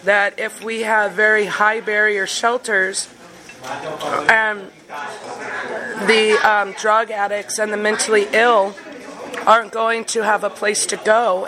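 A woman's voice: mid-range voice, rough recording. A woman advocate giving an earnest, casual account of talking with a neighbor. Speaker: homeless advocate. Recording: crowd chatter in the background.

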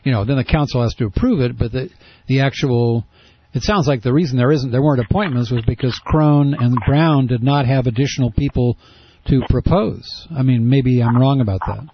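A male radio host interviewing a guest by phone, asking probing, wry questions with halting restarts. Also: medium pitch, breathy edge. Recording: muffled dry radio audio.

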